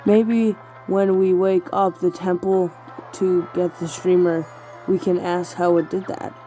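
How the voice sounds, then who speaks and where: Slow, mellow-voiced woman thinking aloud. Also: on the low side, little pitch movement, soft background music, poor audio. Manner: thinks aloud, talking to herself with many fillers. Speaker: gamer playing a video game. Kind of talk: casual let's-play commentary.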